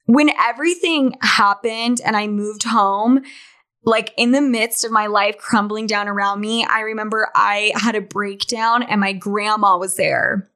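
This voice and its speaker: A woman's voice: mid-range voice, measured pace, bright, forceful tone. A woman in her twenties from Utah hosting a podcast in a candid, chatty monologue, swearing freely and saying "like" often. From Salt Lake City, Utah, USA. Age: 20s. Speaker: podcast host. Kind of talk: casual monologue.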